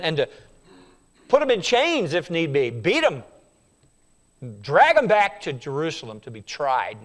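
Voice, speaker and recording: Lively emphatic male preacher. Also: on the high side. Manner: emphatic, repetitive, asks questions of the congregation. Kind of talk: sermon.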